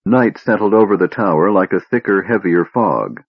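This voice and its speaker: A man narrating a fantasy audiobook in a measured, steady reading. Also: sits low, slightly rough, no echo, muffled recording. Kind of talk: scripted narration.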